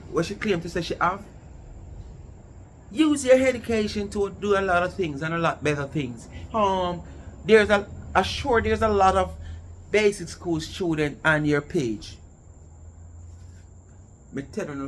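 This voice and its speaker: High-voiced man ranting in patois. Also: a bit bright, slight background noise. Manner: mocking, mixes patois with English. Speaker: commentary vlogger. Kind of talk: casual commentary rant.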